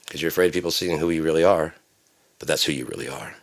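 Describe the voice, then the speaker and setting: Deep-voiced man on a profane philosophical rant. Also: fast. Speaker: solo rambling monologue. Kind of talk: stream-of-consciousness rant.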